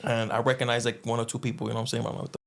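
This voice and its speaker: A young man telling a long story in casual chat, rambling and filling gaps with "boom" and "you know what I'm saying". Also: little pitch movement, racing, gravelly, a bit bright. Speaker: guest.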